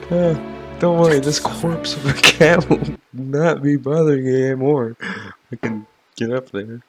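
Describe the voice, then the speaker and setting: A man's voice: mid-range voice, expressive, slow, music in the background. A man giving casual gameplay commentary, playful and joking, with sudden exclamations. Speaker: gaming YouTuber.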